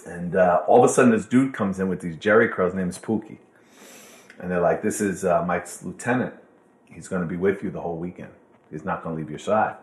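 A man telling a lively anecdote on a podcast, acting out other people's voices and swearing freely. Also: low voice, brisk. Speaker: podcast guest. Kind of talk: animated storytelling. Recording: roomy echo.

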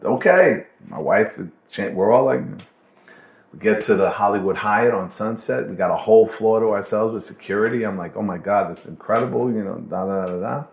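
A man telling a lively anecdote on a podcast, acting out other people's voices and swearing freely. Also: on the low side, normal speed, vocal fry. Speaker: podcast guest. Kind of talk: animated storytelling. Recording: roomy echo.

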